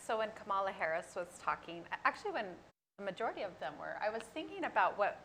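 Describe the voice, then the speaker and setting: A woman's voice: mid-range voice, very animated, fast talker, a bit bright, rough recording. A woman co-host speaking passionately and emphatically on a political talk panel.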